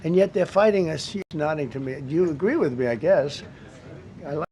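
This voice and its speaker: A man's voice: on the high side, lively intonation, a little fast, a little mellow. A man in his seventies giving off-the-cuff remarks at a press briefing in a government briefing room, blunt and repetitive, with rambling asides, into a podium microphone. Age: 70s.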